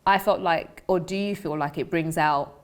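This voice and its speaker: A woman's voice: fairly low pitch, moderate pace. A woman hosting a film podcast in casual chat, asking leading questions and laughing easily. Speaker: podcast host.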